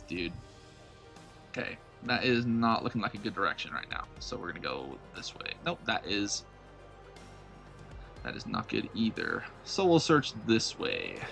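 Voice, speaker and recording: A young man streams live gameplay in a sharp, medium-pitched voice. He chats playfully with his viewers and pokes fun at his own blunders.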